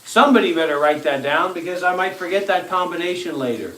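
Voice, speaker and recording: Man, meditation livestream host, profane rant, scornful, higher voice, echoey room. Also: expressive, fairly bright tone. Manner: profane, scornful, drawn-out pauses. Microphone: livestream setup.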